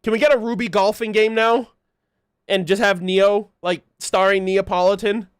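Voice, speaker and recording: A man hosting a casual livestream commentary, excitable and chatty, laughing often and swearing freely as he talks to his viewers. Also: high voice, moderate pace, clean tone, dry recording, studio quality. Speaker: livestream host reacting to an animated series.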